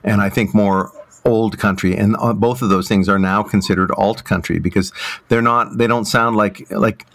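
Thoughtful low-voiced man, halting. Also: steady tone, fairly bright tone. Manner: thoughtful, hesitant, many fillers and restarts. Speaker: guest musician. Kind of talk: casual interview chat.

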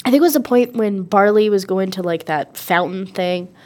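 A woman's voice: medium pitch, darkish tone. Chatty woman podcaster with a stuffy nose. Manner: chatty, rambling, quick to laugh. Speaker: podcast co-host. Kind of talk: casual movie review chat. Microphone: podcast microphone.

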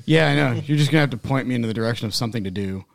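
Casting note: gravelly male podcast co-host, lively swearing storyteller, mid pitch. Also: racing. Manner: animated storyteller, laughs and swears. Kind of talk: casual chat.

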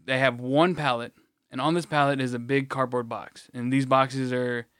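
A man co-hosts a casual podcast, telling a story in a rambling, blunt way that is full of swearing. His voice sounds smooth and resonant, pitched in a middle range. The recording is dry, with almost no room sound. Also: fairly even intonation, moderate pace, a bit bright, dry recording. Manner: profane, blunt, rambling with restarts. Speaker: podcast co-host.

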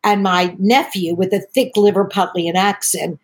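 A woman's voice: mid-range voice, normal speed. An older woman, a tea entrepreneur, chatting as a podcast guest and telling long rambling stories. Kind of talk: podcast conversation.

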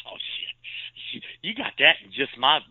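Brief: animated male podcast co-host, slightly high voice, very lively pitch, dry phone-like sound. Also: slow pace, husky, no room sound. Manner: animated, laughs easily, chatty storyteller. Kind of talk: casual podcast banter. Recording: dry, tinny phone-like line.

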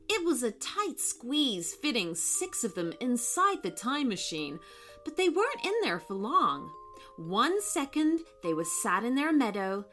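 A woman narrating a children's story in an expressive, unhurried way. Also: on the high side.

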